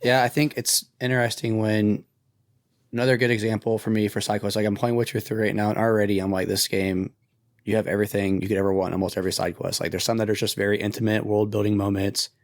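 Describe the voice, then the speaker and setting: A man's voice: lowish voice, flat delivery, fast talker, dry recording, clean studio sound. A man chatting as a podcast co-host in a matter-of-fact way. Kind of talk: casual chat.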